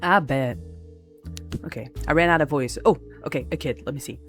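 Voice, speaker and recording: A woman's voice: deep voice, fairly quick, a bit bright, faint music behind. A woman streamer in casual gameplay commentary, jokey and giggly as she thinks aloud. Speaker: gaming streamer.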